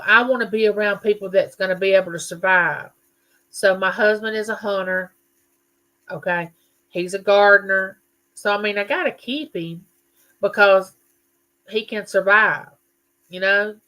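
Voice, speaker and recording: A middle-aged woman hosts a casual livestream, talking to her viewers in a chatty, folksy, rambling way. Her voice is bright and forward, at a middle pitch for a woman. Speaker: livestream host. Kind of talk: casual live chat reading viewer comments.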